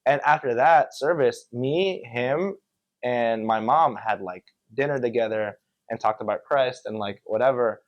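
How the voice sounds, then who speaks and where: Man, from Connecticut, podcast guest, animated storytelling, filler-heavy, middle pitch. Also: a little slow, highs cut off. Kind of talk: casual chat.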